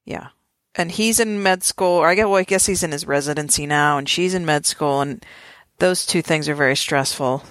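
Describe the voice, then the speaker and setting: A woman co-host in casual chat, thoughtful and hedging as she recaps. Her voice is very low for a woman, and the recording sounds dry and close. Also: normal speed, fairly bright tone, no echo. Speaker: podcast co-host.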